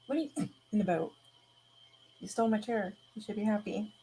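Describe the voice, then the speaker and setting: A woman's voice: medium pitch, a little mellow, slightly rough. A woman chatting casually, rambling, swearing freely and laughing often. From Canada. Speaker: streamer. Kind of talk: casual chat.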